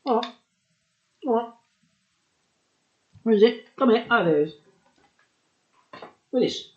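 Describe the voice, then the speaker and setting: A man's voice: very high voice, expressive, slow, lo-fi sound. A tipsy man rambling through a casual beer review, chuckling often and dropping conspiratorial asides.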